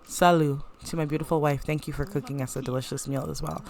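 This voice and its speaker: A woman voicing an easygoing, loyal newlywed husband in a life-sim game, calm and reassuring, a little lower than her own voice. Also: fast, gravelly, a crowd in the background.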